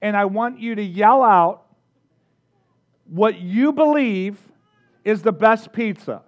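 A man preaching a sermon, energetic, drawing the congregation in with questions and call-outs. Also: high voice, slow, dull audio. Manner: energetic, engages the audience with questions. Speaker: pastor.

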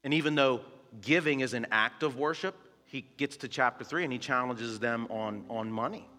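A man preaching a sermon as a pastor, building to loud, impassioned exhortation. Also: moderate pace. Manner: preaching that swells to loud high-pitched exhortation. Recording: echoey hall with music behind.

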